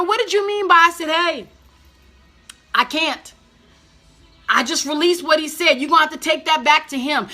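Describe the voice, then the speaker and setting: A woman's voice: sits high, bright, forceful tone. A woman minister preaching and prophesying on a live stream, fervent and repetitive, speaking straight to her viewers. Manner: fervent, repetitive declarations, addresses viewers directly.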